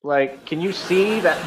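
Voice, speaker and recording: A man's voice: fairly high pitch, noisy background. A man streaming casually, rambling and joking, laughing often and filling with "like". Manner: joking, boastful.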